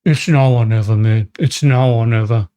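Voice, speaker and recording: A man's voice: medium pitch, normal speed. Emotional man reacting to a film. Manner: emotional, swearing, talking to the screen. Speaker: movie reaction host. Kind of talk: live movie reaction. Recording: noisy with loud film audio.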